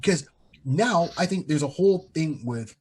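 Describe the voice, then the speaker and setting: A middle-aged man co-hosting a podcast, an animated storyteller who acts out quotes in casual chat. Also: a little high, a little slow, slightly rough. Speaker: podcast co-host.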